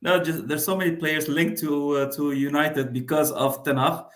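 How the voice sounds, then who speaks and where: A man joins a fan panel from an echoey room. His voice sits a bit high. He speaks thoughtfully, pausing often with fillers. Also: steady tone. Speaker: guest fan pundit. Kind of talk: casual panel discussion. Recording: roomy echo.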